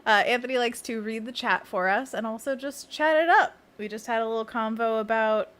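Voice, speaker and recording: A woman's voice: on the high side, brisk, a bit bright. A young adult woman, a children's book illustrator, chatting casually and laughing often on her live stream.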